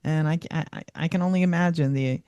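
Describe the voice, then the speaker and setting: Appreciative cohost, mid pitch, dry mic, a bit halting. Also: steady tone, dark tone, clean tone, no echo, dull audio. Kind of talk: casual interview chat.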